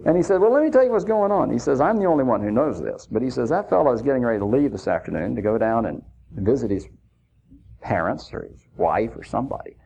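A male preacher tells a long personal story in a folksy, easygoing way, chuckling now and then. His voice is gravelly and husky, and his pitch swings up and down a lot. The recording is dull and lo-fi. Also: expressive, fast talker, mellow. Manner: folksy anecdotal telling with chuckles. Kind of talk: sermon storytelling.

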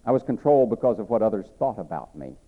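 A man's voice: fairly low pitch, big pitch swings, quick pace. Man preaching his testimony, tinny sound. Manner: earnest, repeats himself, rises then drops to a hush. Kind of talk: sermon testimony storytelling.

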